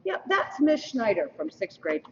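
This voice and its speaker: A woman hosts a school mock election with playful, teasing asides. Her voice swings lively and rather high. The stream is dull and lo-fi, caught from well off the mic in a long-echo hall. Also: normal speed, distant mic, slight background noise. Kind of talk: lively announcing to an audience.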